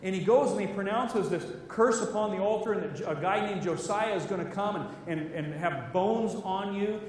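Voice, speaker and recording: A man preaches in a big hall, and his high voice rings with a long echo. He sounds a long way from the mic, with faint noise behind him. He tells the stories with energy and gives each character a voice of their own. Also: normal speed. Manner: animated storytelling, acting out characters' lines. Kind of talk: sermon. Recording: echoey hall, voice from far off.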